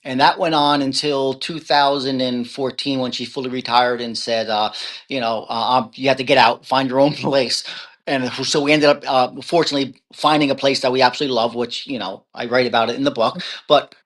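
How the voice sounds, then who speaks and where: A male author on a video call, telling his story with big swings from hushed to loud and frequent laughter. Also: medium pitch, steady tone, brisk. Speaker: author guest. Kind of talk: animated storytelling in an interview.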